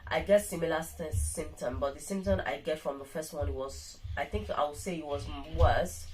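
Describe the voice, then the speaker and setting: A woman's voice: deep voice, moderate pace, a little mellow, soft background music, poor audio. A middle-aged woman talking casually to her viewers while weak and tired from illness, rambling and restarting her sentences often. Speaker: vlogger. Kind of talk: casual vlog monologue.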